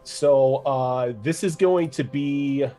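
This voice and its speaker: A man's voice: mid-range voice, slow, mellow, soft background music. Casual game master, a man with an average voice, narrating the scene. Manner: casual, with many "like" fillers.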